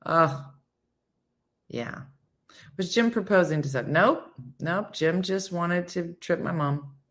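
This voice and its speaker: A woman's voice: lowish voice, measured pace. A woman hosting a morning radio show, telling stories in casual chat and acting out the quotes as she goes, often turning to listeners by name. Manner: animated, acts out quotes in voices.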